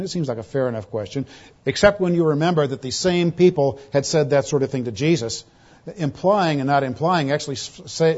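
A man preaching an expository sermon as pastor, rising to loud, pointed quotations and dropping to hushed, quiet lows. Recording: dull lo-fi sermon recording.

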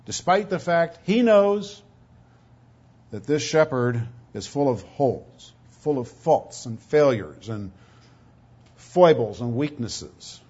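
A man preaching a sermon, emphatic, swinging from loud stretched words to low asides, often repeating words as he goes. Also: expressive, takes it slowly, husky. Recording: dull lo-fi recording.

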